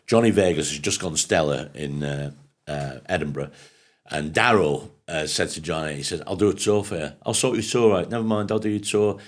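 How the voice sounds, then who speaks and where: A man from England, a comedian co-hosting a casual chat, telling lively anecdotes, acting out the voices of people in them and swearing freely. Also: low voice, brisk. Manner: animated storyteller, acts out quoted voices, swears freely. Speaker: podcast co-host and comedian.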